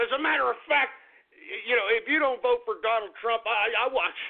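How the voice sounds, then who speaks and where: A man's voice: very high-pitched, brisk, gravelly. A man hosting a talk radio show, ranting angrily and profanely at his listeners. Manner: angry, profane, repetitive ranting. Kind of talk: political rant on talk radio. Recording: tinny phone-like radio audio.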